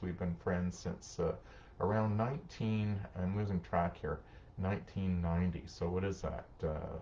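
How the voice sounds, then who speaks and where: This is a live-streamed advice talk where a middle-aged social worker reads viewer comments and shares easygoing parenting advice. His low voice has the highs cut off, with a little hiss or hum behind it. He comes across warm and conversational, staging short parent-child exchanges.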